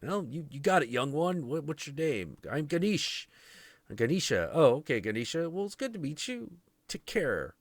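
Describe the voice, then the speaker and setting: A man's voice: on the high side, very animated, moderate pace, no echo, pitched above the performer's own voice. A man voicing a group of fussy gods who fret over the boy. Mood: cheerful. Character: chorus of fussy, exasperated gods.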